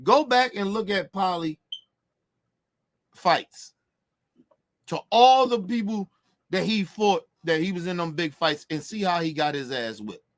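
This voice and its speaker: Brash, profane man ranting, lively pitch. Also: unhurried, pauses often. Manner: brash, profane, mocking, emphatic. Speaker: boxing commentator. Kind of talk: heated opinion rant.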